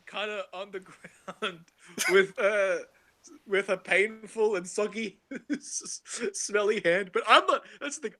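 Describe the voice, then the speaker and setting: A man's voice: high-pitched, bright, forceful tone. A man playing a tabletop role-playing game, rambling and laughing as he describes his character's clumsy actions. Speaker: player. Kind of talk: casual tabletop role-play.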